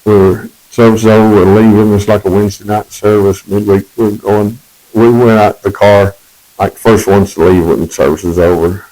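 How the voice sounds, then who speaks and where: A man's voice: lowish voice, steady tone, moderate pace, mellow, rough recording. A man telling his personal testimony in a rambling, conversational way, correcting himself as he goes.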